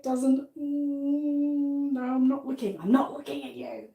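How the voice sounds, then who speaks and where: Her voice is high yet dark in tone, slow, with some vocal fry. She's a middle-aged Australian woman presenting dolls for sale in a bubbly, chatty live showcase, often laughing at herself, and the room adds a roomy echo.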